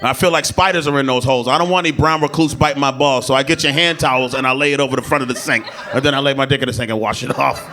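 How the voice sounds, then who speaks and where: A man doing crude live stand-up comedy on a club stage, swinging between shouted bits and low asides to the audience. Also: steady tone, very fast, hardly any pauses. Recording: live club recording with loud crowd laughter. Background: audience laughter.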